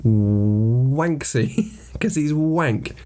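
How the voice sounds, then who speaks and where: A man's voice: mid-range voice, animated, very slow, dark tone. Wry British man asking story questions. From Britain. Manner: wry, probing questions, sweary asides. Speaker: podcast co-host. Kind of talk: casual story brainstorming chat.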